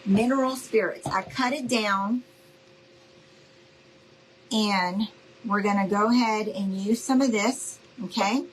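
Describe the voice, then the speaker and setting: A woman's voice: mid-range voice, slow, pauses often, a little hiss or hum, low-quality recording. A middle-aged woman hosting a casual live crafting demo, chatty and friendly, calling her viewers y'all. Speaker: craft tutorial host.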